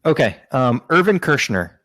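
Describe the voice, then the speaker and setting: A man's voice: mid-range voice, big pitch swings, normal speed, a bit bright, dry recording. A man co-hosting a podcast, chatting casually and explaining with hesitant fillers. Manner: hesitant, many fillers and restarts while explaining. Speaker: podcast co-host. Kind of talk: casual chat.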